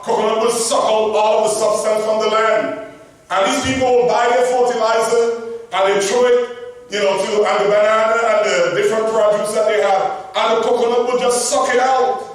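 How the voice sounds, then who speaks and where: A middle-aged man with a Vincentian accent, a pastor telling stories from his youth in an unhurried sermon. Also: very high-pitched. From Saint Vincent. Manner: storytelling, unhurried, with fillers. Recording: echoey room from far off.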